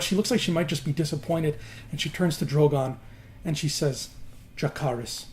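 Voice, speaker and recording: A man casually retelling a story scene by scene, animated and repeating words for emphasis. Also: fairly high pitch. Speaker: host. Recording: noisy background hiss.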